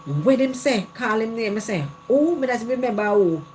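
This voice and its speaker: A woman's voice: a little high, animated, moderate pace, darkish tone, slight background noise. A middle-aged Jamaican woman hosting a live chat, telling her own story candidly in patois and repeating phrases. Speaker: live stream host.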